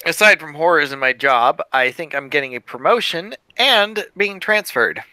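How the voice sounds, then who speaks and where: A man's voice: a little high, animated, sharp tone, no room sound. A man playing Charles, a weary reflective cop. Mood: musing. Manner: thoughtful, halting, with fillers. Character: male police detective, weary and reflective. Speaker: tabletop game player. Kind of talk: in-character tabletop role-play.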